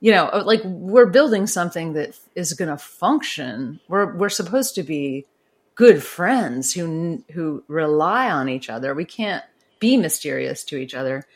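A woman's voice: sits low, animated, a little slow. A woman author and advice columnist answering interview questions in a thoughtful, rambling way with frequent restarts.

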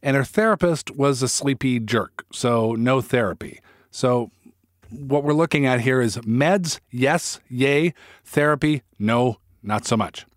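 A man's voice: mid-range voice, measured pace, no room sound, studio quality. A man hosting a podcast, reading scripted narration with a wry, joking touch.

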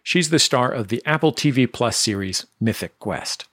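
A man with a mid-range voice hosts an interview, asking questions in a measured, thoughtful way. His sound is dry and close-miked. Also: mid-range voice, expressive, fairly bright tone, no echo. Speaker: radio show host. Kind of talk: interview hosting.

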